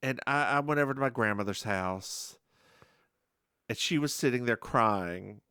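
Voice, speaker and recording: A podcast co-host telling stories in casual chat, animated and laughing often. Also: mid-range voice, measured pace, clean tone, no echo, clean studio sound.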